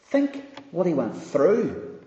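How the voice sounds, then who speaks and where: A man preaching a sermon, slow and emphatic, swinging from loud rises down to hushed, quiet lines. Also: a little high, huge pitch swings. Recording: dull, echoey hall recording.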